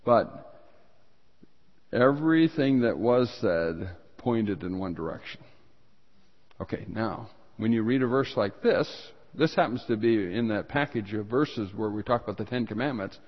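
A man's voice: fairly low pitch, animated, measured pace. A man preaching a sermon as pastor, earnest and rising in emphasis when he reads scripture. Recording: dull sound with long hall reverb.

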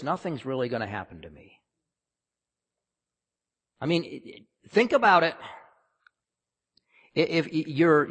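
A man preaching a sermon, emphatic and often questioning the congregation. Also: a little high. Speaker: pastor. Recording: long hall reverb.

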